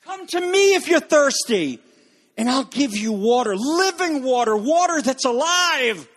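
A male preacher voicing Jesus as an adult man pleading with a crowd, in a soft, raised, pleading tone. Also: lively intonation, a little slow, exaggerated voice. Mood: inviting. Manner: high, soft, pleading call.

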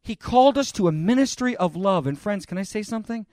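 Earnest, slightly high-voiced male preacher. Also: lively intonation, quick pace, a little mellow, dry recording, clean studio sound. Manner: earnest, conversational preaching, addresses the congregation directly. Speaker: pastor. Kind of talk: sermon.

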